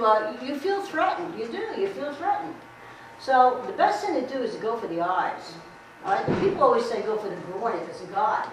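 A middle-aged woman giving a blunt, streetwise safety talk to a class, repeating herself as she demonstrates. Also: fairly high pitch. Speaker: guest speaker on safety. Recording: echoey room recorded from far, noisy.

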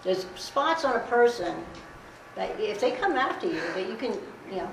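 A woman's voice: fairly high pitch, very animated, moderate pace. A middle-aged woman giving a blunt, streetwise safety talk to a class, repeating herself as she demonstrates. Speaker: guest speaker on safety. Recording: echoey room recorded from far, noisy.

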